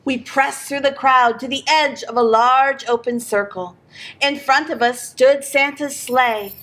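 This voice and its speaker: A woman reading a picture book aloud in an expressive storytelling manner for a library program. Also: high voice, measured pace.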